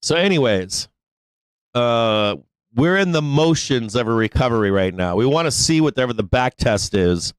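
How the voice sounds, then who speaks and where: A man rants about the market on his live trading show, swearing freely and breaking into laughter. His voice is smooth and clear at an ordinary male pitch. It is recorded close and dry with no room sound. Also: lively intonation, moderate pace, no room sound. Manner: profane, ranting, laughing often. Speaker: stock market show host. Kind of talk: casual live trading commentary.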